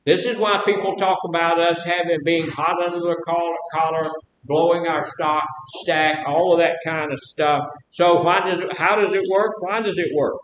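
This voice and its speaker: A man with a Southern drawl teaches a live class, folksy and fond of quizzing his listeners. His voice sits a touch high. The room is echoey, with a faint rumble underneath. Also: fairly even intonation, moderate pace, a bit bright. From Mississippi. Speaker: class instructor. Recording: roomy echo, faint rumble.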